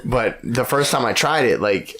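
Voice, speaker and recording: A married man in casual podcast chat, telling relaxed, easygoing anecdotes. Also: medium pitch, normal speed, low-quality recording.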